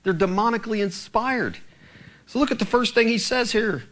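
A man preaching a sermon to his congregation, emphatic and animated, speaking to them directly. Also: very high-pitched, normal speed. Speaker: pastor.

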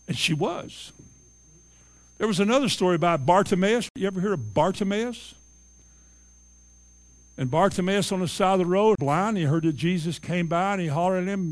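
A man's voice: high-pitched, normal speed, long pauses. A man preaching a sermon, retelling Bible stories emphatically and acting out the characters' voices.

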